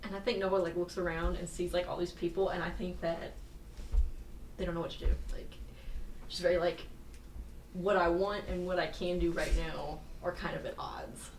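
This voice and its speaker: A woman's voice: fairly low pitch, level tone, moderate pace, a little mellow, roomy sound, far from the mic, slight background noise, rough recording. A woman at a tabletop role-playing game, thinking aloud about her character. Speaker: player.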